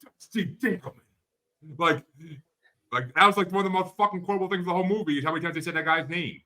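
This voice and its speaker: A man with a bright, forceful, fairly high voice chats loosely about a movie. He swears constantly and keeps laughing as he retells his favourite scenes. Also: fast. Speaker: podcast guest. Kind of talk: casual chat.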